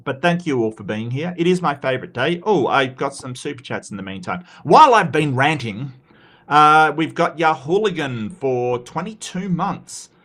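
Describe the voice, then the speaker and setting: A man's voice: fairly high pitch, lively intonation, normal speed, a bit bright. Impassioned Australian man ranting on stream. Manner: impassioned, repetitive restarts. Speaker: livestream host. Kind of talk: casual livestream rant.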